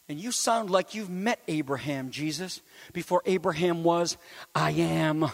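A man preaching a sermon to his congregation, animated and building to shouts on key phrases, with chatty asides to the listeners. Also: high voice, a little slow, big-room sound. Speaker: pastor.

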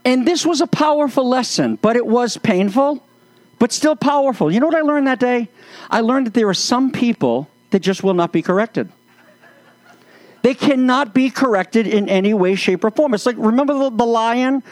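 High-voiced, playful preacher. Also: male voice, expressive, moderate pace, no room sound. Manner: playful storytelling with self-mocking jokes. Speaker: pastor. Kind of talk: sermon.

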